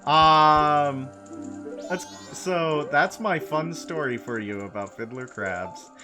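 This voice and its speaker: A man's voice: fairly high pitch, slow, music in the background. A man streaming a video game, chatting casually with his audience in a playful, giggly way and repeating phrases for laughs. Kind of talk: casual commentary while playing.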